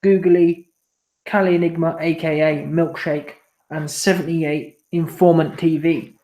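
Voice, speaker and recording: A man's voice: a little high, flat delivery, a little slow, dull audio. A man hosting a casual live stream, reading out viewer messages in slangy, repetitive, laid-back banter. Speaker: boxing commentary channel host. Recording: roomy echo.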